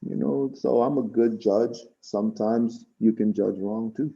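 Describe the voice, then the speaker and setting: A man from Jamaica telling stories in casual chat on a video call, animated and quick to act out what others said. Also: lowish voice, creaky, husky. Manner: chatty, animated, quotes people in raised voices. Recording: dull lo-fi call audio.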